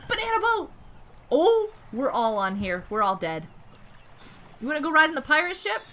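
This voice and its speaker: A woman streaming a game, chatting casually and excitably, greeting and thanking her viewers. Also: high-pitched, normal speed. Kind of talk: casual live-stream chat while gaming.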